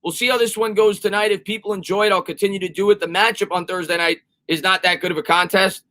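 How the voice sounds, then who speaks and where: A man's voice: high voice, fairly even intonation, quick pace, pushed and bright. A man hosting a live sports stream, chatting casually and answering viewers' comments. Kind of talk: live-stream chat reading.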